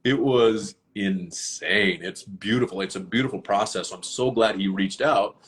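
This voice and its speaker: A man's voice: on the low side, measured pace, fairly bright tone. A man chatting casually on a live stream, earnest and rambling, with many fillers and restarts. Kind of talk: casual chat.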